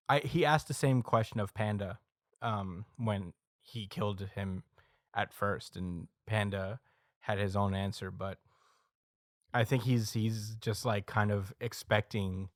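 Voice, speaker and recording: A man's voice: lowish voice, no echo, clean studio sound. A man co-hosting a podcast, casually recapping a story with plenty of ums and uhs. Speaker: podcast co-host. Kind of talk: casual chat, recapping a manga chapter.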